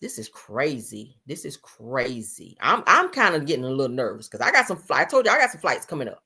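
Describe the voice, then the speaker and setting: A woman's voice: a bass voice, very animated, fairly quick, sharp tone, breathy edge. A woman from the US giving blunt, profane, sassy live-stream commentary, full of emphatic repeats.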